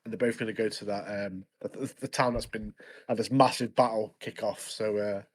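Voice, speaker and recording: A man's voice: on the low side, fairly even intonation, a little fast, slightly rough. A young man, co-hosting a podcast in easygoing casual chat, often laughing. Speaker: podcast co-host.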